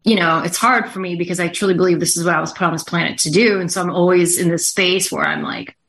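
Hesitant low-voiced woman guest. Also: steady tone, fast, fairly bright tone. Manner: hesitant, full of fillers. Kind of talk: talk show conversation.

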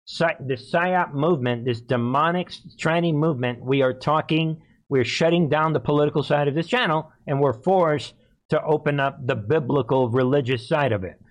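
A man hosting a live-streamed political commentary show, talking emphatically and repeatedly calling out to his viewers. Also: on the high side. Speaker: host of a political commentary channel.

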